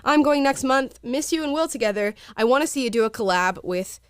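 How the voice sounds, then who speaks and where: Woman in her twenties, casual live-stream host, bubbly, smooth voice, dry close sound. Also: high voice, lively intonation, a little fast, no echo. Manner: bubbly, laughs often.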